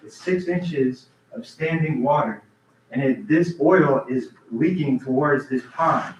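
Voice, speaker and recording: A man's voice: medium pitch, slow. An earnest man pleads urgently during public comment, his words tumbling and restarting. He sounds set back from the mic in a roomy chamber. The sound is dull and lo-fi with a faint hiss. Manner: repeats himself and restarts sentences. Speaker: resident giving public comment. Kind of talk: public comment at a council meeting. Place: council meeting room. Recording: roomy, distant, dull meeting-room audio.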